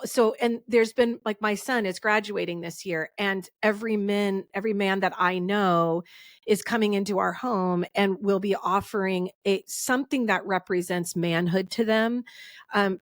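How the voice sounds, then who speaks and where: A woman in her forties hosts a casual podcast conversation in a medium-pitched voice, rambling and heartfelt, often starting her sentences over. The studio-quality recording has no echo.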